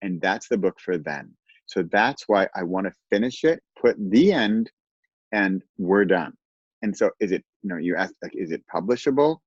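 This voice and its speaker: A man with a deep, low voice talks in a relaxed, lively way, laughing often and acting out little quotes. The sound is dry and muffled, like a video call. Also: normal speed, breathy edge, dry recording. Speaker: guest. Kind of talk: casual conversation.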